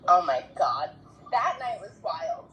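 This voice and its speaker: A woman calling in on a live video chat as a relative of the host, lively and laughing. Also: mid-range voice, slow, a little hiss or hum.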